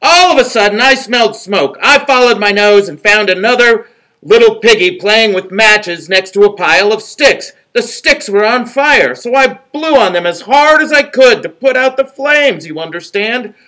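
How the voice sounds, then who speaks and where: A boastful storybook wolf, put on by a man reading aloud, speaks in a high, bright and lively voice. He is loud and theatrical, swinging up and down as he spins his tall tale. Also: normal speed. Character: boastful big bad male wolf telling tall tales.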